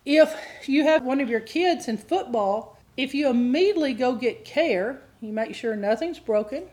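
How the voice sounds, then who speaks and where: A woman's voice: sits high, expressive, moderate pace, a little mellow. A middle-aged woman giving an earnest teaching sermon on deliverance, at times rising into impassioned pleading. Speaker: deliverance minister.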